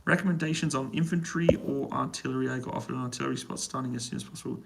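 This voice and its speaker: A British man in a hotel room, answering viewers' questions on a casual, relaxed live stream and keeping his voice down so he doesn't wake anyone. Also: mid-range voice, rapid-fire, creaky, heavy background noise. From United Kingdom. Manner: relaxed, quiet voice to avoid waking neighbours. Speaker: livestream host answering chat questions. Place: hotel room on an army base.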